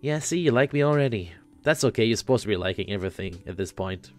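A man voicing a laid-back, rambling floating teenage boy who acts as a self-aware game guide, a bit higher and louder than his own voice. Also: lively intonation, fast, soft background music, lightly acted.

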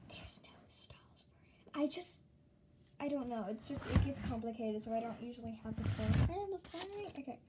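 A woman's voice: a little high, noisy background. A woman from the Southern United States giving a casual show-and-tell tour of her toy collection, rambling and giggly, with lots of "um" and "like".

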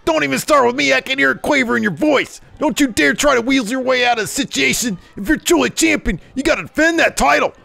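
A blunt, threatening brute of a wrestler, as a man does his voice. The voice sits very high for a man and has a gravelly edge. He talks in short, hard warnings. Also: quick pace, few pauses, pushed and bright, dry recording, full character voice. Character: huge, menacing male wrestler, blunt. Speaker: gamer doing an impression.

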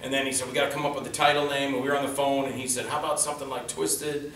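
Man, bright and forceful voice, animated panel storyteller, echoey hall, distant mic. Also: medium pitch, racing. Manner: animated, acts out quotes in raised voices. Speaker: indie film actor and stuntman, panelist. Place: convention panel room. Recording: roomy hall from far off, faint noise.

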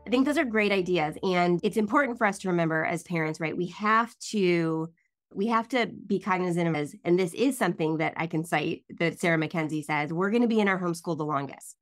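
A woman's voice: on the low side, fairly quick, faint music behind. A woman podcast host in casual interview chat, earnest and emphatic. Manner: earnest, emphatic, some ums.

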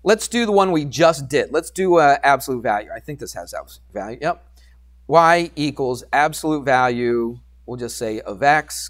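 Animated male math teacher in class. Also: medium pitch. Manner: animated, teasing, coaxing questions. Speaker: high school math teacher. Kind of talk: classroom lecture.

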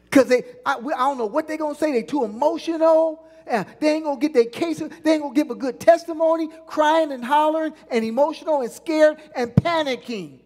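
A woman with a high, somewhat dark voice preaches a sermon as a pastor, leading call-and-response, prompting the congregation to repeat phrases and drawing out key lines for emphasis. She is in a church sanctuary, and the recording carries a long church reverb.

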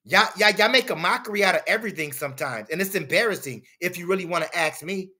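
A man's voice: sits high, animated, quick pace, sharp tone, husky. A man hosting a commentary channel, lecturing his audience in a preachy, repetitive way. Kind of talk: opinion commentary over footage.

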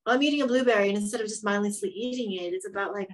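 A woman guest on a podcast speaks in a reflective, loose manner, circling her thoughts with many "like"s and restarts. Her pitch sits in a middle range. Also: very fast, poor audio. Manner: reflective, rambling with many fillers. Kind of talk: casual conversation.

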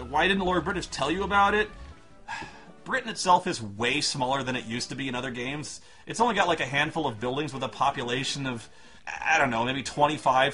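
A man tears into a video game in a sarcastic, foul-mouthed comic review. His voice is bright and swings widely in pitch as he rants. There is a faint bed of music under him. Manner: sarcastic, profane, exasperated ranting.

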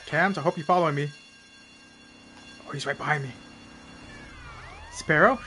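A man giving excitable live gameplay commentary, yelping, laughing and calling out to a teammate. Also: on the high side, normal speed, pauses often. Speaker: gamer streaming gameplay. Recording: loud game sirens and traffic behind. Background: game sirens and vehicle noise.

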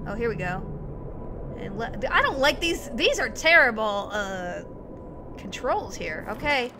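A woman chatting excitedly to her viewers while she plays a video game live, talking back at the characters on screen. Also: fairly high pitch, unhurried, background noise. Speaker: game streamer. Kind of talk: live gameplay commentary.

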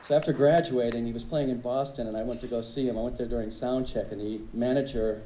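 A man telling his own stories as a drummer at a tribute, relaxed and wry in his delivery. His tone is mellow and somewhat dark, at an average pitch. The sound bounces around an echoey club, with a faint hum of room ambience behind him. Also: quick pace. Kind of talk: anecdotal storytelling speech. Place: live music club stage.

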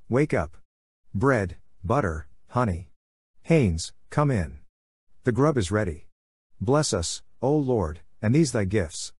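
A man's voice: lowish voice, a little mellow, slightly rough, no echo, heavily acted. A man reading an audiobook voices a boisterous, mocking young male medical student who slips into theatrical put-on voices, in a dry studio sound. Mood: jovial. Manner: theatrical, shifting mock voices.

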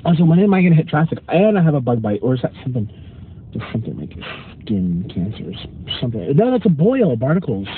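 A man's voice: medium pitch, big pitch swings, fast talker, narrow, tinny audio, slight background noise. A man chatting in a campy, mock-haughty way while vlogging from his parked car, recorded on a phone. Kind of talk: casual car vlog. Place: parked car in a drive-thru line. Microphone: phone camera.

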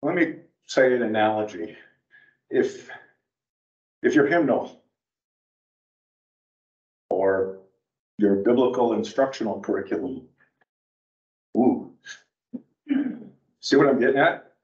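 In a church meeting room, a guest speaker at an adult education class talks slowly in a lowish voice with long pauses. He's an animated, digressive storyteller, wandering between topics. Distant from the mic in a spacious room, he comes through on a dull, lo-fi recording.

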